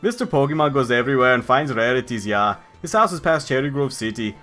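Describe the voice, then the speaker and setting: A man voicing a bumbling Pokemon professor in a deliberately poor mock-Swedish accent, tagging lines with "yeah". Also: mid-range voice, sing-song, a bit bright, soft background music. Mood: chatty. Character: fussy male Pokemon professor, bumbling, adult. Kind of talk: let's play character voice.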